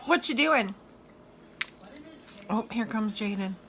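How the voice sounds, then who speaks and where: A woman's voice: on the high side, animated, slow, fairly bright tone. A woman chatting and cooing to her pet birds in a playful baby-talk way, laughing often. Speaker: vlogger feeding pet birds. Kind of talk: casual chat to pets.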